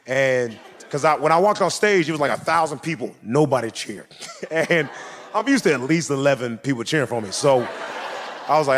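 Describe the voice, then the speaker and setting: A man's voice: medium pitch, brisk. A man doing stand-up, telling a story and acting out the people in it with lots of energy. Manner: animated, acting out characters in the story. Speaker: stand-up comedian. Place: comedy stage before a live audience. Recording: live club set with audience noise. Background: audience laughter and ambience.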